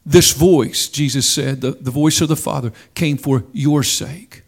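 A man preaching a sermon in a slow, deliberate way, with dramatic rises and drops in his delivery. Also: high voice.

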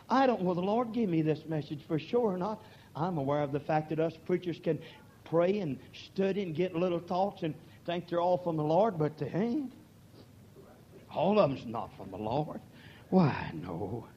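An older man preaching a sermon, moving from quiet folksy talk to shouted, drawn-out peaks. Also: a little high, lo-fi sound.

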